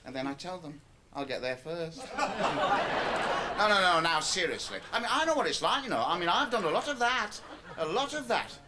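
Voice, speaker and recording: In a radio play, an actor with a high-sitting, animated voice plays a cynical, wheedling, middle-aged stand-up comic, speaking at normal speed over a noisy background. The character talks in a chatty, lecturing way and slides into club-style stand-up patter.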